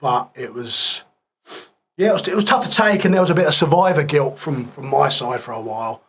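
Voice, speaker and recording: Guest: man, 30s, husky, subdued and plain-spoken, recounting events in a casual interview. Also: on the high side, expressive, fairly quick, a bit bright. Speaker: podcast guest.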